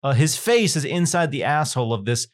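A man's voice: medium pitch, animated, a little fast. A man co-hosting a horror film podcast, animatedly retelling scenes and laughing as he goes. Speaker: podcast co-host. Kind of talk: casual film discussion.

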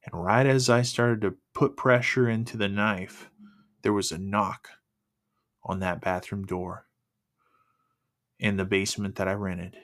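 Earnest man giving a halting testimony. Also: fairly low pitch, steady tone, a bit bright. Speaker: person sharing his faith testimony. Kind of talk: personal faith testimony.

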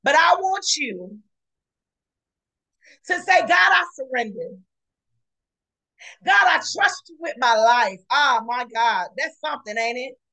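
A woman preaches a fiery podcast sermon, shouting and repeating exclamations. Her voice sits high and rings bright and forceful. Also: animated, takes it slowly, pauses often, poor audio. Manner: shouting, repetitive exclamations, colloquial.

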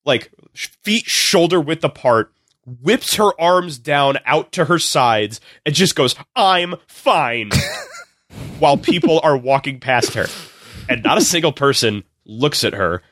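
A man on a comedy podcast, retelling a movie with lots of laughs and quick acted-out voices. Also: on the high side, dry recording, clean studio sound. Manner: animated storytelling, acts out characters in quick voices, laughs often. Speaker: podcast guest recapping a movie. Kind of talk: casual comedic podcast chat.

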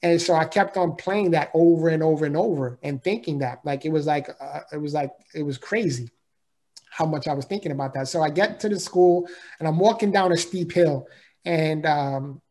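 A man's voice: on the high side, a little mellow. A man telling a personal story as an interview guest, earnest and emphatic, in a casual way of talking.

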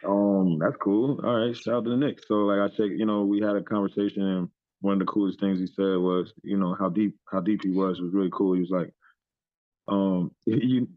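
A man in his thirties telling stories as a podcast guest, animated and profane with lots of "you know what I'm saying". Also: low-pitched, normal speed, no room sound. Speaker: podcast guest, former pro basketball player. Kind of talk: storytelling in casual chat. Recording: tinny phone-like line, dry.

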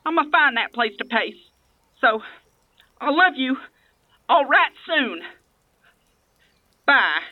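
A woman's voice: high-pitched, sing-song, takes it slowly, long pauses, dry recording, heavily acted. A woman voicing an eager young man phoning his mother goodbye, stammering and apologetic, over a tinny phone line.

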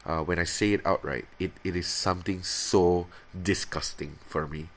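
A man in his thirties hosting a podcast, casually confessing in a halting, rambling way with many restarts, jumping into high playful voices when imitating himself. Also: steady tone, a bit bright. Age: 30s. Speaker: podcast host.

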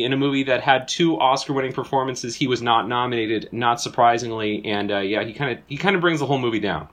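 A man in the middle range of pitch with a bright, clear tone, co-hosting a casual movie podcast. He slips dry, joking asides into his picks. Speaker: podcast co-host.

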